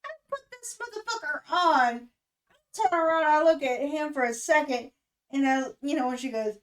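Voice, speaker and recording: A young woman in her twenties talking candidly and emotionally in a casual vlog, swearing freely and pausing with fillers. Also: sits high, expressive, recorded from a distance, poor audio. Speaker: music reaction vlogger. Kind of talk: casual chat.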